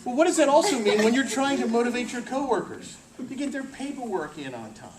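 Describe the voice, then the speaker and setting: A man giving a lively, joking presentation to a staff meeting and quizzing the audience as he goes. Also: high-pitched. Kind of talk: workplace presentation. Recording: distant mic with faint hiss.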